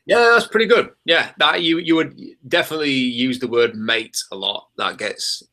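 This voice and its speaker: A man's voice: medium pitch, moderate pace, pushed and bright. A man co-hosting a casual sports podcast, chatty and hesitant, with lots of ums. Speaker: podcast co-host.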